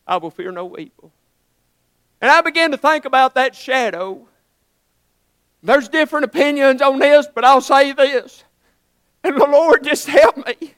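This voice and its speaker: A man's voice: extremely high pitch, measured pace, a bit bright, no room sound. A man preaching a sermon in a folksy, earnest way, rising to emphatic swells.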